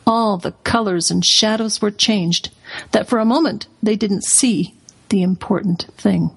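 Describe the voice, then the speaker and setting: A woman reading a storybook aloud as a guest on a radio talk show in an expressive storytelling manner. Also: mid-range voice, unhurried, creaky, slightly rough. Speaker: guest, curriculum company president.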